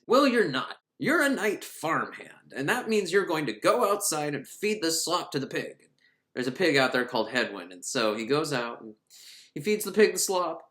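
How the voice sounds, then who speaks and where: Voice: medium pitch, animated, measured pace, a bit bright, roomy sound. A film reviewer recapping a movie in a casual, sarcastic, comedic way, often laughing.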